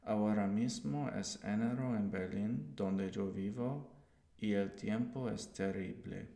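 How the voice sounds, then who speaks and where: A man streaming himself learning a language, talking in a slow, hesitant way with fillers. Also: on the low side, mellow. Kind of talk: casual live stream commentary. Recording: roomy echo.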